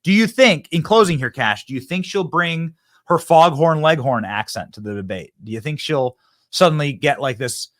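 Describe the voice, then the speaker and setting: A man's voice: a little high, expressive, moderate pace, a bit bright, no echo, clean studio sound. A man hosting a political interview show in a loose, rambling, mocking way. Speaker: host.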